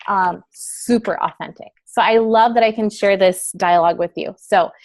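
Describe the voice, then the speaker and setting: A woman teaching a class in a chatty, casual way, with many fillers and quick switches into acted examples. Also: mid-range voice, darkish tone. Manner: chatty, filler-heavy, breaks into role-play quotes. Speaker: wellness sales trainer. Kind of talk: casual instructional talk.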